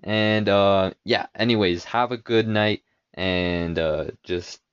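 A man's voice: on the low side, slow pace, smooth. A man hosting his own podcast in a casual, rambling way, full of fillers and restarts. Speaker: podcast host. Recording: dull lo-fi home recording.

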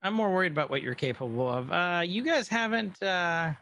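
A man's voice: high-pitched, expressive, a little fast, gravelly, bright, forceful tone, dry recording, voice pushed up, heavily acted. A man recapping as a stern imperial official.

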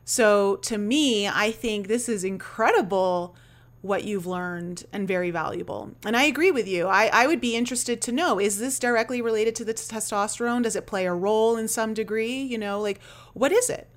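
Chatty, animated woman podcast host. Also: medium pitch, normal speed. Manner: animated, chatty, frequent "like" and "you know". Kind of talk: casual interview chat.

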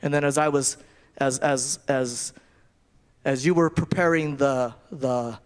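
A man's voice: medium pitch, steady tone, a little slow, smooth. A man giving a conversational sermon, often repeating and restarting his phrases. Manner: conversational preaching with repetitions and restarts. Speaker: preacher.

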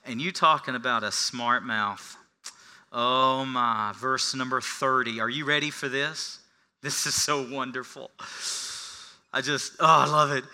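A man preaching a sermon, moving between quiet, hushed passages and loud, emphatic ones, and acting out the lines of the man he tells about. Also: medium pitch, fairly even intonation, unhurried, clean tone. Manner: acts out the beggar's lines with a raised voice. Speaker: pastor.

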